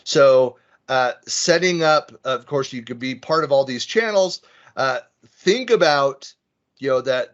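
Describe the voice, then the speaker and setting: Presenting online over a video call with the highs cut off, a Bay Area man with a Western US accent speaks in a mid-range, slightly bright voice. His talk is rambling and self-deprecating, riddled with fillers and restarts.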